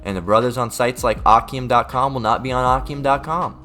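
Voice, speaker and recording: A man giving a casual livestream Bible lesson. He rambles, repeats words and keeps adding "all right?", and he reads scripture aloud slowly and deliberately. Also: medium pitch, bright, forceful tone, faint music behind. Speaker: online scripture teacher.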